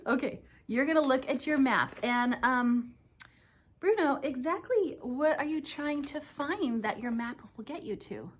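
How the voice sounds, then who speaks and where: A woman's voice: high voice, lively intonation, measured pace. A woman teaching a children's church lesson, speaking in a sing-song, exclaiming way as she chats with a dog puppet.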